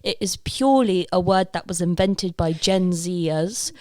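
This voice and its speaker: A young woman from Leicester talks with a slightly low voice in casual podcast chat. She jokes, free-associates and laughs often. The recording is dry and close. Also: a little slow, a little mellow, dry recording. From Leicester, England. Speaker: podcast guest.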